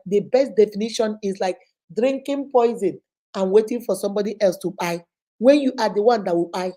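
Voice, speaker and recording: A woman's voice: mid-range voice, mellow. A woman hosting a casual live stream, giving emphatic marriage advice and greeting viewers by name. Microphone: phone.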